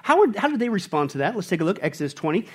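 A man preaching a sermon as a pastor, swinging between loud outbursts and hushed, whispered lines. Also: high voice, very animated, very fast, husky.

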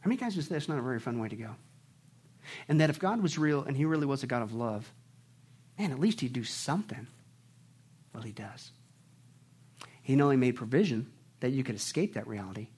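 A male pastor preaching a sermon, swinging between hushed near-whispers and loud, fervent delivery. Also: mid-range voice, lively intonation, brisk, pauses often, slightly rough.

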